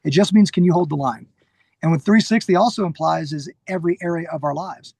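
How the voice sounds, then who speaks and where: A middle-aged man with a high, gravelly voice tells stories animatedly as a podcast guest. He acts out what people said and keeps restarting sentences. The sound is dry and close, with no room echo. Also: fairly quick. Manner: animated, acts out quoted lines, frequent restarts. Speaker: podcast guest, security trainer. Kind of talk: casual interview storytelling.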